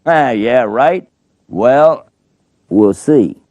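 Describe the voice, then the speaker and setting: A man's voice: mid-range voice, lively intonation, drawn-out words, darkish tone, dry recording, highs cut off, pitched above the performer's own voice. A man doing a scoffing stubborn king. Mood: suspicious. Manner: scornful and suspicious.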